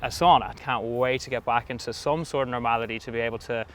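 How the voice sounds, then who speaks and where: A man's voice: medium pitch, steady tone, fast, fairly bright tone. An Irish man in a casual interview, eagerly explaining things with plenty of fillers. His voice sits in a middle range, and he speaks outdoors at a rugby club with faint traffic noise behind him. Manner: chatty, enthusiastic, frequent fillers. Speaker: guest, sauna business owner.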